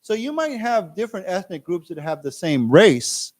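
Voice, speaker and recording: A man's voice: high-pitched, sing-song, moderate pace. An American man teaching English, who explains words patiently and drills his class in a library lecture room. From United States.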